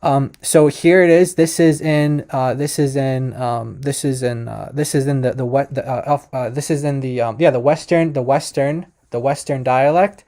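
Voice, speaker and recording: A man's voice: mid-range voice, fairly even intonation, moderate pace, few pauses, dark tone. A man hosting a video, explaining casually to viewers with many fillers and restarts. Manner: addresses viewers directly. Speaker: video host explaining a language.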